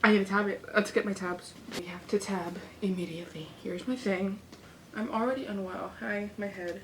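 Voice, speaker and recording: A young woman in her twenties chatting excitedly to her viewers at home for a casual reading vlog. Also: medium pitch, moderate pace, slight background noise. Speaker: book vlogger.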